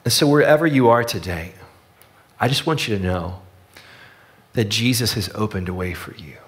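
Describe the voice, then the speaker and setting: A man preaching a sermon as pastor, telling a story earnestly and dropping his voice softly on the key lines. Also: fairly low pitch, lively intonation, normal speed.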